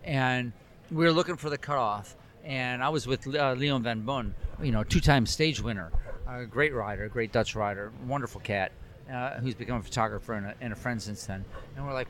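Animated man telling a story outdoors. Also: medium pitch, brisk, a little hiss or hum. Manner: animated anecdote teller, acts out dialogue. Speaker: cycling photographer. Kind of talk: casual storytelling chat.

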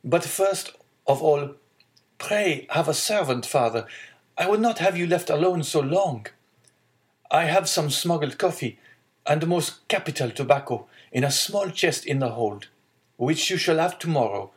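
Brief: a man doing an eager young sailor, pitched up high and pleading. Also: expressive, a little slow. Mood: joyful. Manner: earnest, pleading. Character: young male sailor, eager and devoted son. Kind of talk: audiobook character reading.

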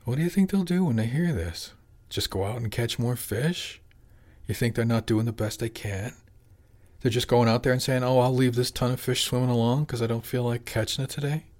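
A man's voice: medium pitch, brisk, a little mellow, close to an everyday voice. A man voicing a blunt, slangy male animal who manages a fishing fleet, pressing his point in an audiobook.

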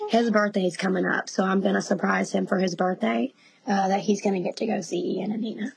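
Lady in her 30s chatting away as a podcast guest, lively storyteller, laughs a lot, mid-pitched voice. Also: brisk, creaky, breathy edge, rough recording. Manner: chatty, animated, laughs often. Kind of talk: casual storytelling interview.

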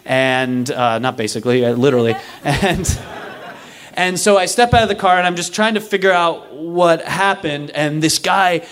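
Youngish guy doing a live story bit, kinda high voice, jokey and self-deprecating, throws in little voices for people. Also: normal speed. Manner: animated, self-mocking, acts out quoted voices.

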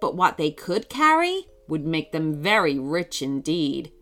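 Erzählerin mit lebhafter, langsamer Stimme. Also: female voice, low-pitched. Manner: slow, expressive reading. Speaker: storyteller. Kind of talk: children's story reading.

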